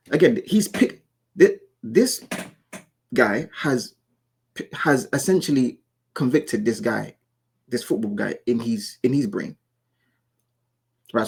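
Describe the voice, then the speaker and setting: A man's voice: medium pitch, vocal fry, a little mellow, slightly rough. A man giving casual, insistent reaction commentary, often repeating and restarting his words as he argues his point. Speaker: commentary YouTuber.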